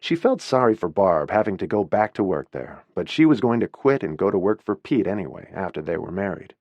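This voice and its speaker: A man reading a novel aloud as an audiobook narrator, with an expressive storytelling delivery. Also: low-pitched, fairly quick, dry recording, lo-fi sound.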